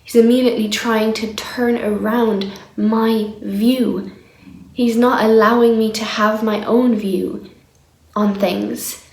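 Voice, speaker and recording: In an echoey room, a woman records a personal diary vlog, venting her exasperation at being shut down and sometimes sinking to a whisper. Her voice is a little high and gravelly, with a steady tone and a slow pace.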